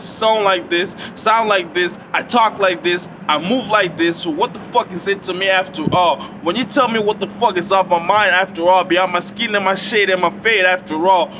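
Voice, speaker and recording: A man's voice: high voice, background noise. A man rambling through a profane, repetitive monologue into his phone outdoors. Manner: profane, rambling, repeats himself.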